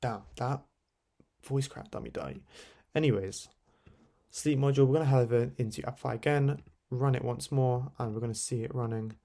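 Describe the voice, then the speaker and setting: A young man walking through a software tutorial on screen in a loose, chatty way, full of fillers and tag questions. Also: medium pitch, moderate pace. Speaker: tutorial host. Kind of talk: casual screen-recorded tutorial.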